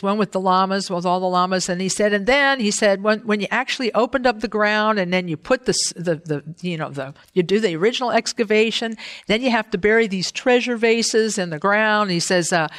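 Chatty older woman giving a dharma talk. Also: mid-range voice. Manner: chatty, animated, full of hesitations. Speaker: dharma teacher.

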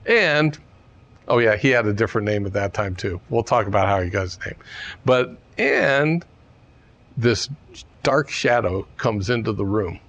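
A man's voice: lowish voice, expressive, measured pace, a bit bright, no echo, lo-fi sound. A man telling a teaching story in a casual, digressive way with chuckling asides. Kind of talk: storytelling dharma talk.

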